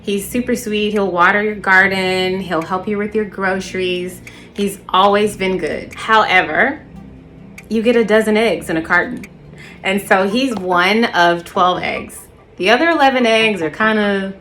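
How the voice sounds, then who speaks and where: A woman's voice: medium pitch, a little slow, a bit bright. Chatty woman host, casual book talk, light music bed under her. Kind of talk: casual book review chat.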